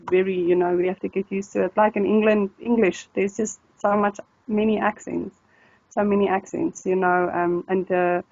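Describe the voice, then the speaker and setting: A woman, an Afrikaans speaker talking in English as an interview guest, chatty and animated with many restarts. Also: medium pitch, no room sound. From South Africa. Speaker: language tutor, interview guest. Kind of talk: casual interview. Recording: slightly dull, dry recording.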